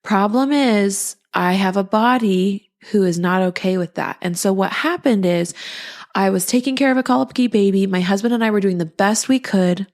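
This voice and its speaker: A woman's voice: mid-range voice, normal speed, a little mellow. A sleep-deprived woman in her thirties hosting a podcast in casual chat, rambling with restarts and frequent laughs. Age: 30s. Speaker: podcast host.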